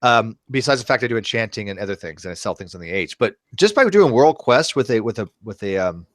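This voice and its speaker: A man hosting an online video hangout in casual chat, animated, blunt and quick to swear. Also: lowish voice, dry recording, studio quality.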